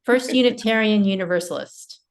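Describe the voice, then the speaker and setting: A woman's voice: medium pitch, moderate pace. A woman organizing a spiritual group, giving helpful details about its events in a casual way over a video call. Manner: helpful, informative, with light fillers.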